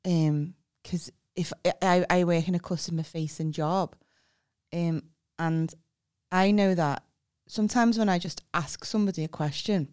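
Middle-aged Scouse woman, podcast co-host, blunt and sweary, crisp close-miked voice. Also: fairly low pitch, steady tone, normal speed, darkish tone, no echo. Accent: Liverpool (Scouse). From Liverpool, England. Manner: blunt, abrupt-sounding, swears freely. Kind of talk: casual chat. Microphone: close podcast mic.

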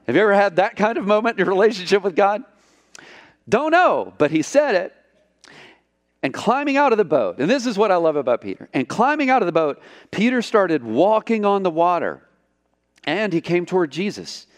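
Animated male pastor in a reverberant hall. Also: high-pitched, normal speed. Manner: animated storytelling, acts out quotes. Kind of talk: sermon.

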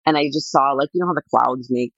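A woman talking as a podcast guest, telling a personal story in a rambling, animated way with lots of fillers. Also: a bass voice, fast, gravelly, no echo, lo-fi sound.

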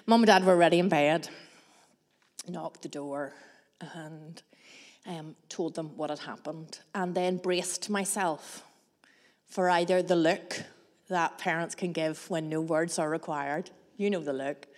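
A woman preaching a sermon, mixing scripture with personal stories in a measured, reflective way with dramatic pauses. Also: low voice, steady tone. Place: church hall. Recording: long reverb of a large hall.

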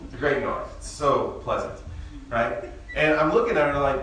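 A man preaching a sermon as a pastor, in a relaxed, conversational way, telling stories with humor. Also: mid-range voice, normal speed, slight background noise. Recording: very echoey room, mic far off, faint ambience.

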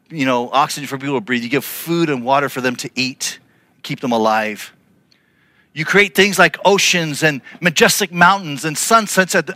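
A man delivers a sermon in a high, bright voice, telling a story and slipping into the voices of the people he quotes. The sound is dry and close. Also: no echo. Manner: storytelling, acting out quotes with shifting pitch. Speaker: pastor.

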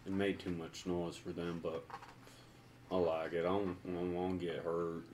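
A man's voice: low-pitched, flat delivery, normal speed, darkish tone, far from the mic, slight background noise. A man playing a tabletop role-playing game, answering in short, dry lines. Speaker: player. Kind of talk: tabletop role-play banter.

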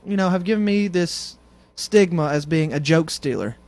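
A man's voice: on the high side, moderate pace, a little mellow, dry recording. A man co-hosting a casual comedic radio show, rambling through self-deprecating stories.

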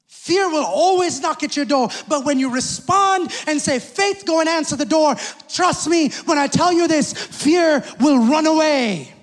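Male pastor with a very high voice, delivering an emphatic sermon in a big echoing church hall. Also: a little slow, few pauses. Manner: emphatic preaching with call-outs to the congregation. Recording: long church hall reverb.

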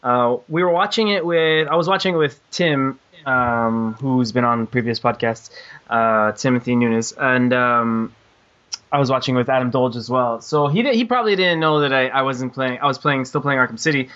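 A man hosting a casual podcast about video games, excitable and quick to swear, with lots of stammered restarts. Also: mid-range voice, lo-fi sound. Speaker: podcast host.

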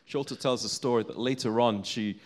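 A man's voice: medium pitch, fairly quick. A man preaching a sermon, telling a story in an earnest, building way.

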